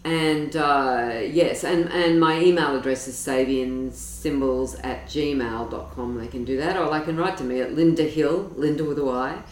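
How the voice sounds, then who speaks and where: A woman's voice: low-pitched, unhurried, hardly any pauses. Woman, astrologer guest, digressive enthusiastic storyteller, echoey room. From Australia. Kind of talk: interview conversation. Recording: roomy, distant mic with faint noise.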